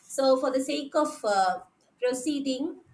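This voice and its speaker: A woman lectures over an online call in a high voice. She talks slowly and methodically, going over each point more than once. She often pauses to check that her students are following. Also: poor audio.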